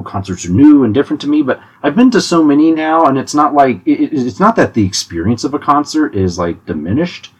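A young man talking casually about concerts in an animated, chatty way, with frequent restarts and laughs. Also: medium pitch, husky. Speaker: podcast host giving concert tips. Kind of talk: casual monologue.

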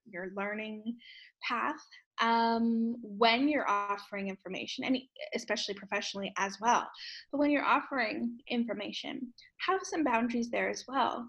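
A woman co-hosts a relaxed podcast about spirit work, where she tells of her own readings as a medium. Her pitch sits a touch high, and she rambles along in a casual way with fillers and small restarts. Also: poor audio. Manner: chatty storyteller with many fillers and restarts. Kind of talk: casual chat.

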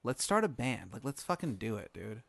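A brash, friendly male alien pitching a scheme in a loud, higher voice that jumps around, as a man puts him on. He sounds pushy and chummy in a dry, close recording. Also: sing-song, normal speed, creaky, no echo.

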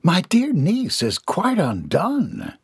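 A man's voice: high-pitched, wildly swooping pitch, slow, husky, dry recording, clean studio sound, pitched above the performer's own voice, exaggerated voice. A man voicing a prying, affected society lady who gossips at a party. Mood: gushing.

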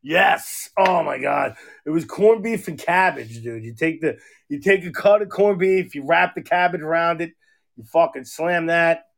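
Dude with a high gravelly voice, cussing and rambling thru stories on a podcast. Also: male voice, normal speed, fairly bright tone. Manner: profane, rambling storyteller, acts out quoted voices. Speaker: podcast co-host. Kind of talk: casual chat.

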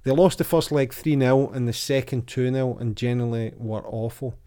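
A man's voice: mid-range voice, moderate pace. A man hosting a casual football chat, reading out old quotes and quizzes. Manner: chatty, reads quotes aloud with lively voices. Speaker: podcast host.

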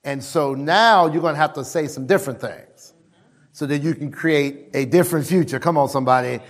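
A male pastor preaching a sermon in an emphatic way. He repeats key lines and calls out to the congregation for responses. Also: fairly quick. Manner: animated, swings between loud calls and low asides.

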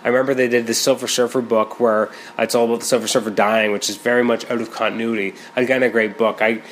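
A man with a mid-pitched voice reviews a comic book in a loose, rambling monologue. He talks casually, restarting sentences and filling gaps with fillers as he goes. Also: level tone, fast talker, slight background noise. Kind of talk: casual solo commentary.

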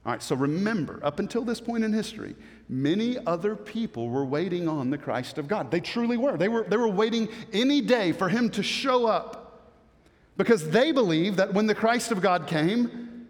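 A man preaching a sermon as a pastor, emphatic, swinging between loud stresses and hushed passages. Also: high voice, expressive, normal speed. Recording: long hall reverb.

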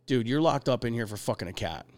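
A man hosting a podcast, telling stories in a profane, animated, casual way. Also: mid-range voice, quick pace, no room sound. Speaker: podcast host.

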